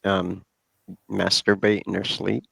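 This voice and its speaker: A man's voice: low-pitched, level tone, slow pace, creaky, fairly bright tone, breathy edge, dry recording. A man guest on a podcast, joking in laid-back casual chat.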